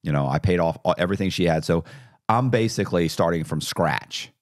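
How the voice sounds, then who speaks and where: A middle-aged man tells his story on a podcast, acting out each exchange with animated voices. His voice sits very low, and the recording is dry and close with no room sound. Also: a little fast, no room sound. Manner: animated, acts out quoted dialogue. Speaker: podcast guest. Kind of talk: casual storytelling interview.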